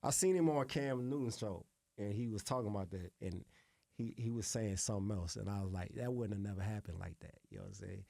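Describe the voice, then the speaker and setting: A middle-aged man, a music producer being interviewed, telling stories in a relaxed, salty way and often adding "you know what I'm saying". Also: on the low side, a little fast, creaky, dry recording, clean studio sound. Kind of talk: casual interview storytelling.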